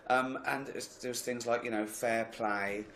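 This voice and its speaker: A man's voice: mid-range voice, fairly even intonation, measured pace, fairly bright tone, a little hiss or hum. Jokey man, roomy studio. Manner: jokey, laughs a lot, slips into mock voices. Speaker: podcast host. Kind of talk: comic podcast banter.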